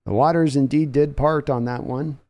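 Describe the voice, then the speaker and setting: A man's voice: medium pitch, steady tone, normal speed, darkish tone. A man hosting a live sports podcast, calling play-by-play in a chatty manner and answering viewer comments. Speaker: podcast host.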